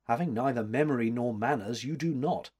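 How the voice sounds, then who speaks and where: A man reading aloud, voicing an old, stately woman painter with a crisp, dryly teasing manner. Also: medium pitch, fairly quick, darkish tone, lightly acted. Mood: wry.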